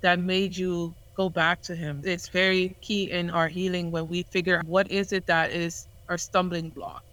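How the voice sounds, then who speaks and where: A woman hosting a podcast who asks gentle, supportive follow-up questions. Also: fairly low pitch, level tone, moderate pace, low-quality recording. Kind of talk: podcast discussion.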